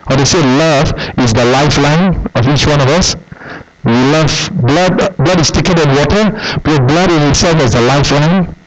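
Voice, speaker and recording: A man's voice: on the high side, moderate pace, a little hiss or hum, poor audio. Emphatic preacher man. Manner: emphatic, repeats key words, asks the congregation questions. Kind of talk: sermon.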